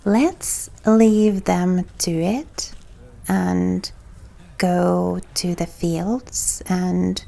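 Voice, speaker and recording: A woman whose first language is not English, hosting a let's play and reading the game text aloud in a soft, unhurried way. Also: on the low side, steady tone, gravelly. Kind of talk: calm gameplay narration. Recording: faint music behind.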